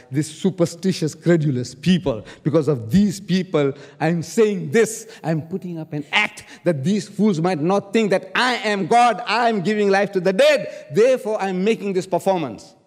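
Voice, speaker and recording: A man's voice: high-pitched, moderate pace, few pauses, a little mellow. Emphatic man debating in an echoing hall. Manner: emphatic, rhetorical questions, repeats key words. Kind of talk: public debate speech. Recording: long reverb of a large hall.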